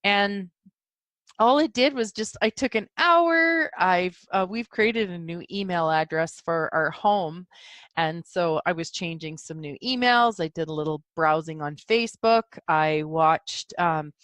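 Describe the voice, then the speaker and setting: A yawning, sleepy woman giggles her way through a rambling solo podcast on spiritual ideas. Her lowish voice is unhurried and a bit bright, and the recording has no echo.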